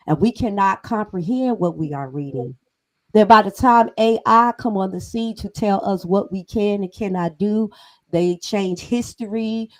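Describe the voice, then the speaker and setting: A middle-aged woman co-hosts a podcast discussion at a mid-range pitch. She talks in an emphatic, conversational way and laughs often. The recording is dry and close, with no room sound. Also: no echo, rough recording. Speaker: podcast co-host.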